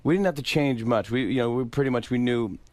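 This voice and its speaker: A man telling a lively anecdote as a guest on a radio show, laughing and imitating people. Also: medium pitch, fast, no room sound. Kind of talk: casual storytelling on a radio show.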